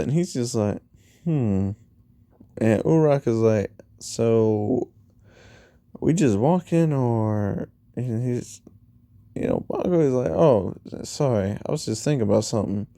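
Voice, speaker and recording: A man's voice: medium pitch, expressive, moderate pace, vocal fry, warm tone, no room sound. A man casually telling a fan-made story, rambling through it and retelling each line of dialogue with "he's like" and "you know". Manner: rambling, retells dialogue with 'he's like' and 'you know'.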